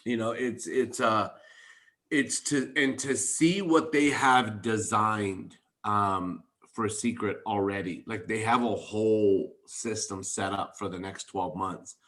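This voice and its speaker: Excited low-voiced man on a video call. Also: takes it slowly. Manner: excited, emphatic, storytelling. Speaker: network marketing team leader. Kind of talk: enthusiastic motivational talk on a video call.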